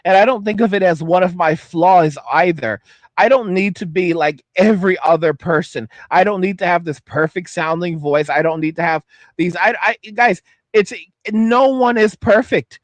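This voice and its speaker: A man with a high voice delivers a heated, blunt rant on his own commentary channel. He often stumbles over words and restarts his sentences. The recording is dry and close, with no room echo. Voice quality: high-pitched voice. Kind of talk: ranting commentary vlog.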